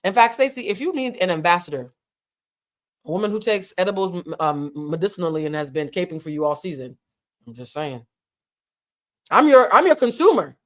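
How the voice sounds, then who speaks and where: A woman's voice: on the low side, expressive, fairly quick, pauses often. Woman host for a chatty reality TV recap, frank and slangy, talks straight to the viewers. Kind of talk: casual commentary.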